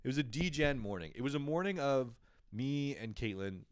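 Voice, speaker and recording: A man's voice: mid-range voice, expressive, moderate pace, clean tone, no room sound, clean studio sound. A young man hosting a podcast, telling a casual, profane story with frequent laughs and acted-out quotes. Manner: laid-back, profane, laughing often, acting out quotes. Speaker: podcast host.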